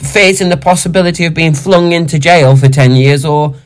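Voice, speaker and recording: A man's voice: on the high side, fairly quick. Indignant man ranting. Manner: indignant, animated and sweary. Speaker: podcast co-host. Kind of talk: casual chat rant.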